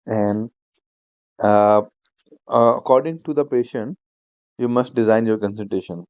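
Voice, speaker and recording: A man teaching an online speaking-skills class, explaining each point slowly and repeating himself, with plenty of fillers like "you know". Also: on the low side, dry recording, muffled recording. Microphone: shared screen video class.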